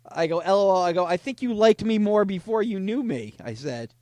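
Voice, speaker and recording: A man hosting a podcast, casually retelling chat conversations with a deadpan, joking manner. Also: high voice, a little fast, no echo. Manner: deadpan retelling, frequent "I go, she goes". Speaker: podcast host reading scam chats.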